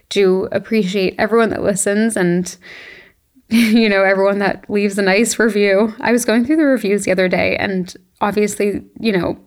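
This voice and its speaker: Young woman podcast host, gravelly fry, middle pitch, reflective and teary solo chat. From Canada. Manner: reflective, emotional, laughs often. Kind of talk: casual solo monologue.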